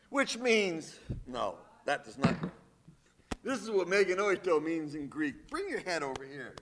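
Man, preacher, high bright voice, slow emphatic sermon, swings loud and soft. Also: animated. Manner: emphatic, dramatic swings in loudness. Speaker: pastor. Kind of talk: sermon with scripture reading. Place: church.

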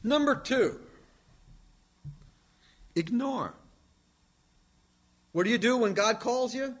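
A man preaching a sermon from the pulpit, emphatic, swinging from loud declarations to hushed asides. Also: extremely high pitch, lively intonation, slow. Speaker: pastor.

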